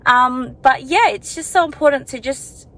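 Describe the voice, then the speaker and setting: A woman's voice: high-pitched, normal speed, bright, forceful tone, rough recording. A young woman talking to her camera while walking outdoors, in a rambling, chatty, self-reflective way with lots of filler words. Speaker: vlogger. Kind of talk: casual vlog chat.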